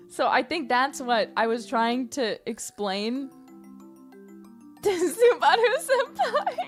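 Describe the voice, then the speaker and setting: A woman livestreamer rambling playfully and loudly to her chat. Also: a little high.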